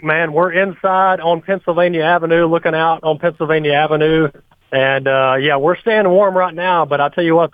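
A man's voice: on the high side, clean tone, dry recording. A man calling in to a radio show from inside a restaurant, speaking hesitantly with many fillers. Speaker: radio co-host reporting on location. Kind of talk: live remote call-in report. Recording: tinny dry phone line.

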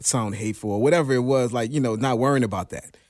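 A man co-hosts Christian talk radio, chatting in an earnest, folksy way. His voice is mid-pitched for a man and recorded dry and close. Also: quick pace, darkish tone, no echo. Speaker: radio co-host.

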